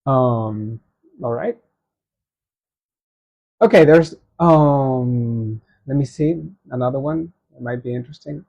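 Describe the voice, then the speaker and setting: A man's voice: mid-range voice, slow, pauses often, a little mellow. A man in his thirties reading submitted stories aloud and reacting with laughing asides. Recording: dull lo-fi sound.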